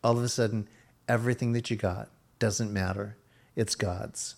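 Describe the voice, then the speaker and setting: A man with a fairly low voice preaches a sermon, walking through a Bible story and slipping into the voices of its characters. His delivery is expository and conversational. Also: fairly even intonation, moderate pace, creaky, a little mellow. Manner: expository preaching with acted-out quotes of Bible figures. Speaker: pastor.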